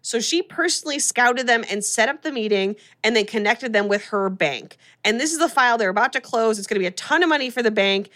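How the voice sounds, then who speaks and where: Animated woman retelling a movie. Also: a little high, quick pace, few pauses. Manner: animated storytelling, acting out characters' lines. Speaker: podcast co-host recapping a film. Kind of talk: casual chat.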